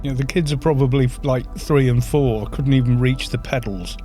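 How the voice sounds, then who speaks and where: A man's voice: medium pitch, moderate pace, dark tone, faint music behind. A man with a Welsh accent casually explaining game tactics to his live-stream chat. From Wales.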